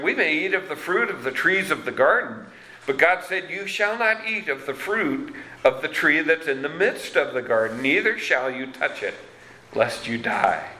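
Animated preacher man in an echoey room. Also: a little high, slight background noise. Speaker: pastor. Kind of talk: sermon. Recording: roomy echo.

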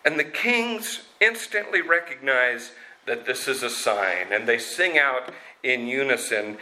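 A man retelling a story expressively, slow and dramatic, acting out the parts. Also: mid-range voice, animated, pushed and bright, poor audio.

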